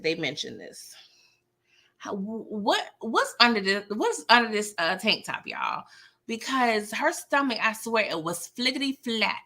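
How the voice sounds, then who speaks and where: A woman's voice: medium pitch, bright, forceful tone. A young adult woman recapping a TV episode in a chatty, slangy way, laughing often and talking to viewers as y'all. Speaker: TV recap vlogger. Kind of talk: casual recap talk.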